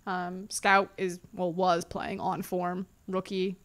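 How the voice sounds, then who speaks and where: A woman co-hosting a podcast in casual chat, lively and opinionated, with quick jokes. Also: fairly low pitch. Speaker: esports podcast co-host.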